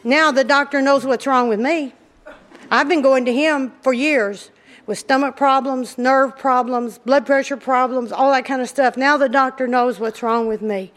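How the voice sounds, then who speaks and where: A woman's voice: sits high, moderate pace. A middle-aged woman telling a funny story from her own life to an audience. She talks in a folksy way and often laughs. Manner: lively, laughs often, drawling folksy delivery. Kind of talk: humorous personal storytelling to an audience.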